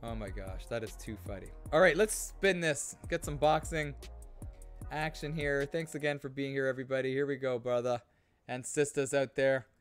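A man's voice: mid-range voice, normal speed, dry recording, soft background music. A man hosting a casual gaming livestream, chatty and reading viewer comments aloud as he talks. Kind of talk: casual live-stream chat.

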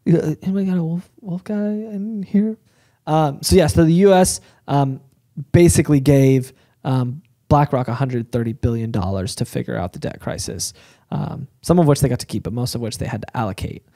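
A man co-hosting a podcast, explaining in casual chat with lots of fillers, his voice rough and hoarse. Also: mid-range voice, brisk, hardly any pauses, mellow. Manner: explaining, filler-heavy, joking. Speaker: podcast co-host.

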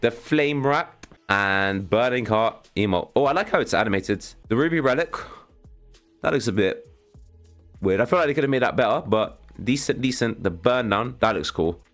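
A young man giving casual, excitable commentary as he reacts to a video game, with a slangy, chatty way of talking. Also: mid-range voice, moderate pace, faint music behind. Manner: casual, excitable, slangy, says "bro" a lot. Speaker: gaming channel host.

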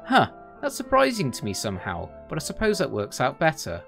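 A man lends his voice to a tender, teasing young man from a dating game. The endearments come easily and the tone stays relaxed. A faint guitar plays behind. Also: mid-range voice, fairly quick, creaky, heavily acted. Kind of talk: reading a dating game aloud.

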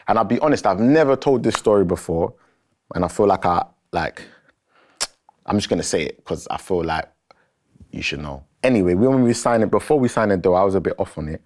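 A man's voice: deep voice, lively intonation, brisk, a little mellow. A man, a rapper telling a story animatedly in a casual interview, full of fillers and acted-out quotes. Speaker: rapper and guest.

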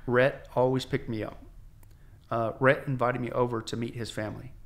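A male pastor from the United States, guest on a podcast, telling his conversion story in an animated way, acting out the voices of people he quotes, with frequent restarts. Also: medium pitch, normal speed. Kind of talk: candid testimony storytelling. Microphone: podcast microphone.

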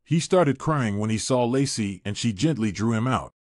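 Man reading a story out, even steady delivery, mid pitch, dry sound. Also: moderate pace, no room sound. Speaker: narrator. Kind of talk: scripted story narration.

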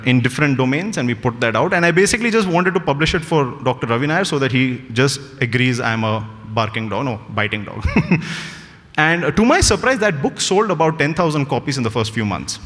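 Indian man giving a comic talk in a reverberant hall. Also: medium pitch. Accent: Indian English. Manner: animated storytelling, mixes in Hindi phrases, laughs at own jokes. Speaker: speaker at a corporate event. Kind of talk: humorous keynote talk.

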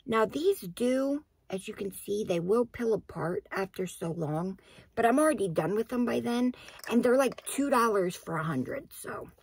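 Gravelly-voiced woman giving a skincare tutorial. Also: fairly high pitch, a little mellow, no echo. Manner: chatty, explains each step. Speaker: beauty vlogger.

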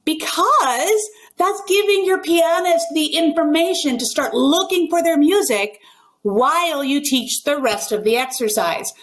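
A woman's voice: sits high, measured pace. A woman who works as a ballet pianist, giving an instructional video talk in an emphatic, well-enunciated coaching tone. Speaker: ballet pianist and teacher educator.

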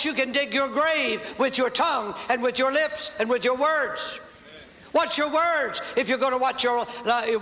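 Fervent preacher man, high and bright. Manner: fervent preaching, calls for audience responses. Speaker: pastor. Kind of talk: sermon. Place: church sanctuary. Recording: reverberant church hall with faint noise.

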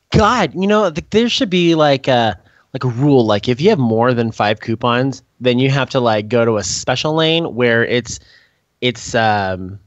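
A man co-hosts a casual podcast, telling work stories with a lively, swooping pitch. He acts out the people in his stories in high, squeaky voices. The recording sounds dull and lo-fi, with a dry, close sound and no room echo. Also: a little slow. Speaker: podcast co-host.

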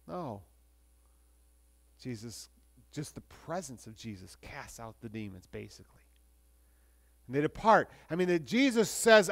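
A male pastor preaching a sermon in a conversational way, with restarts, moving between lively and hushed delivery. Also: mid-range voice, a little slow, gravelly, pauses often.

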